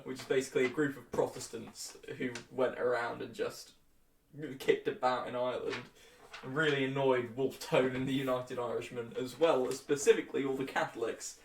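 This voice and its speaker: A man's voice: mid-range voice, vocal fry, recorded from a distance, a little hiss or hum. Flippant young man explaining history, roomy sound. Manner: flippant, jokey asides with chuckles. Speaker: history tutor. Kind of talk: casual lecture.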